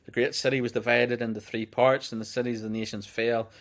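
A man giving a relaxed, unscripted Bible teaching, reading verses aloud as he goes. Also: mid-range voice, fairly quick. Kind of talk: conversational sermon.

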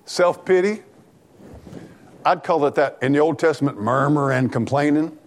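A man preaching an animated, folksy sermon in church, talking back and forth with the congregation and laughing along. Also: on the high side, normal speed, a little hiss or hum. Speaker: pastor.

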